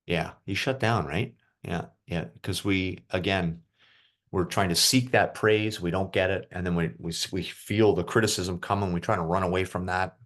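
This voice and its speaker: A man's voice: low-pitched, steady tone, normal speed, fairly bright tone. A man coaching a group of young hockey players over a video call, casual and encouraging, asking them questions. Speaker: youth hockey mental coach. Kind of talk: online group coaching session.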